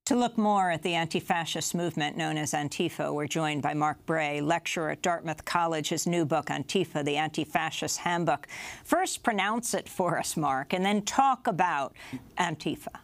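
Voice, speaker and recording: A woman hosting a news program, reading scripted copy with a clear, even delivery. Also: sits low, moderate pace. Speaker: news host. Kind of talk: broadcast news presenting.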